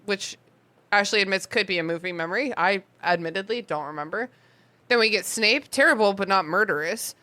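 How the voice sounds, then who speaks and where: A woman co-hosting a casual podcast, her voice bright and forward. She reads listener letters aloud and talks things over in an animated, giggly way. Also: mid-range voice, a little fast. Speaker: podcast co-host reading listener mail. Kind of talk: casual chat.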